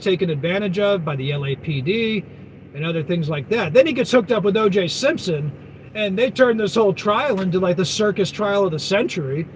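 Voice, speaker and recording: A high-pitched man vlogging as a trucker chats loosely with his viewers. He meanders, loses his point and circles back with "but anyway". A faint hum of vehicle noise sits under his voice. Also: rough recording. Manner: meandering, loses his thread, heavy fillers and self-corrections. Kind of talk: rambling casual live chat.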